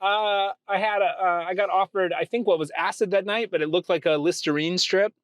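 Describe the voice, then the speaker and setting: A man hosts a casual chat from inside a car. He tells stories with animation and jumps into high voices for the people he quotes. The sound is dry and close. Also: steady tone, a little fast, fairly bright tone, dry recording. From Texas. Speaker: host.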